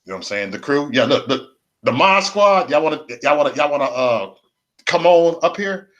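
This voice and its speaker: A man's voice: on the high side, animated, fairly quick, a bit bright, highs cut off. A man hosting a casual livestream rant, rambling and repeating himself in slangy, profane street talk. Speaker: livestream host.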